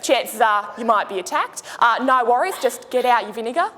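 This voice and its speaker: A woman with an Australian accent playing a chatty flight attendant in a comic speech, broad and slangy with deadpan jokes. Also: a little high, brisk. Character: brash chatty female Aussie flight attendant. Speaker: speech contestant. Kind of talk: comic after-dinner speech in character. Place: large hall. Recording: echoey hall.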